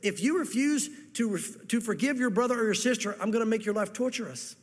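A man's voice: high-pitched, a little fast. A man preaching a sermon, earnest, acting out the parable's dialogue in different voices. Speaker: pastor. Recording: long hall reverb.

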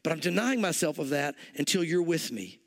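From the pulpit, a man with a strikingly high voice works through scripture verse by verse, spinning the scene into a lively, conversational story full of "you know." He sounds expressive and speaks fairly quickly.

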